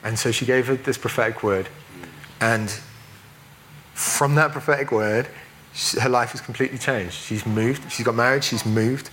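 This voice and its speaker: A man from England giving a sermon as a preacher, chatty and self-deprecating, with quick asides. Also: mid-range voice, steady tone, fairly bright tone, a little hiss or hum, rough recording.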